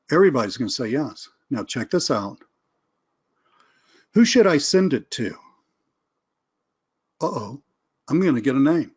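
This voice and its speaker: A man's voice: medium pitch, big pitch swings, a little slow, pauses often, darkish tone, slightly rough, highs cut off. A man teaching a sales webinar, casual and conversational, acting out phone calls as examples. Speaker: sales trainer. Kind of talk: live webinar teaching with role-play calls.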